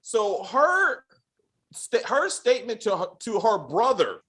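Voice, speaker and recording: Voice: mid-range voice, sing-song, slow, a bit bright. A podcast host ranting casually and with a lot of profanity while reviewing a TV episode. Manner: profane, exasperated ranting with acted-out quotes.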